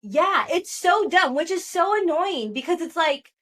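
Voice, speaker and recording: A woman's voice: extremely high pitch, a little slow. A woman co-hosting a pop culture podcast, gossiping in a casual chat and acting out what people said. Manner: animated gossiping, acts out quotes. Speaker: podcast co-host.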